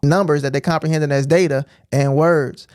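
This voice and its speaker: A man with a fairly high voice gives informal preaching on a livestream, punchy and repetitive, often pausing to ask "right?". His voice is close and dry, with no room sound. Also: fairly even intonation, darkish tone, clean tone, no room sound. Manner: emphatic, repetitive, keeps asking "right?". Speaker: streamer teaching scripture.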